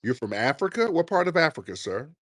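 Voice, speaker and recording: A brash male host runs a live call-in chat, sarcastic and quick to curse, with a lingering cough. His voice sits fairly high and swings widely in pitch. The sound is dry and close. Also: very animated, fairly bright tone, no echo. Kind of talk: live audio chat room, taking callers.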